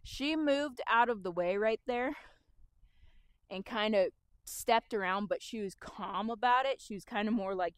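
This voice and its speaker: Calm lady teaching horse stuff outside, talks to the horse while she works, medium voice. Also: mid-range voice, unhurried, dry recording. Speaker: horse trainer. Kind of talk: outdoor training demonstration. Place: outdoors with a horse.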